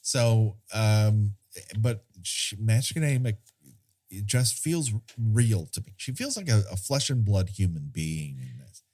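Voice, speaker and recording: A man's voice: lowish voice, sing-song, takes it slowly, a little mellow. A man co-hosting a podcast, chatting casually about a film, rambling and searching for words. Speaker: podcast co-host.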